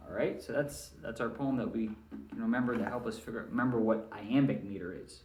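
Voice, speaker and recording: A man's voice: medium pitch, a little fast, a little mellow. A man teaching a recorded lesson to students in a friendly way, often checking in with "all right?". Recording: roomy, mic at a distance.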